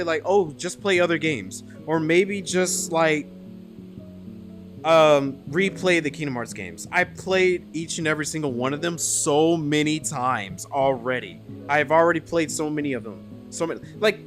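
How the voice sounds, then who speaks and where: A young man venting on his stream, his voice pitched a little high and swinging widely up and down as frustration builds into outbursts. Faint guitar music plays quietly behind him. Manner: frustrated, exasperated ranting with rising outbursts. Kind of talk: ranting to stream chat.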